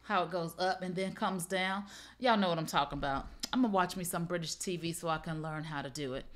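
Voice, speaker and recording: A middle-aged woman speaks fairly quickly as she hosts a live shopping broadcast, playfully chatting with her viewers and pushing deals.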